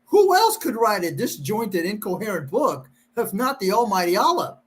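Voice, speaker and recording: High-voiced sarcastic middle-aged man. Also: sing-song, normal speed, a little hiss or hum. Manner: sarcastic, mocking. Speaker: show host. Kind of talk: casual chat, reading verses aloud.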